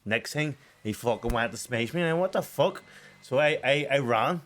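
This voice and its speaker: A young man co-hosting a casual podcast, spinning a story between bursts of laughter. His voice sits at an ordinary middle pitch, and his easy, chatty delivery marks him as a boxer talking with a friend. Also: animated, normal speed, a bit bright. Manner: laughs often while telling a story.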